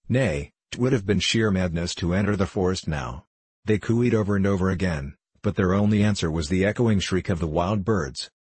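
Male audiobook narrator: measured, low and husky, dry. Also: a little mellow, no room sound. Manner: measured storytelling. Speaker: audiobook reader.

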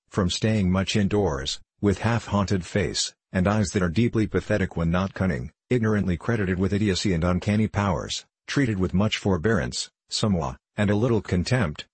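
A man narrating a novel aloud in a measured, unhurried storytelling manner. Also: low voice, a little mellow, breathy edge, no echo. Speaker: audiobook narrator.

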